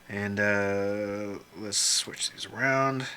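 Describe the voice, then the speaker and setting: A man's voice: fairly low pitch, very animated, slow pace, gravelly, hardly any pauses, pushed and bright, slight background noise. A man casually narrating as he draws characters on a computer, rambling and joking to himself with some mild swearing. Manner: rambling, jokey self-talk with mild swearing. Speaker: illustrator drawing on screen. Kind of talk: casual commentary while drawing.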